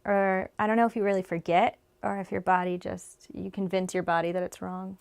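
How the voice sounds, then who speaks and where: A woman's voice: on the low side, flat delivery, brisk, creaky, clean tone, dry recording. A woman interviewing, chatting casually and giving frequent short agreements, with easy laughter. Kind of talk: conversational interview.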